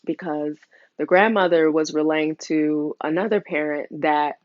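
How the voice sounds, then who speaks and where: A woman's voice: low voice, fairly even intonation, a little slow, no room sound. Young woman, emotional confessional vlog, earnest and candid, dry dull lo-fi recording. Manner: earnest, open, many fillers. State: emotional, near tears. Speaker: mother sharing a custody story.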